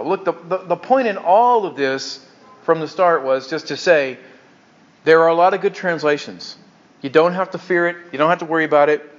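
A man preaching in a casual, conversational teaching style, chatty with hesitations. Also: fairly high pitch. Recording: dull lo-fi recording.

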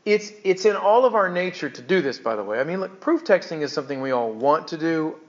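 A man's voice: on the high side, animated, brisk, highs cut off. A man preaching a conversational sermon to his church, joking and restarting his sentences as he goes. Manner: chatty, joking, stumbling restarts. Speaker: pastor.

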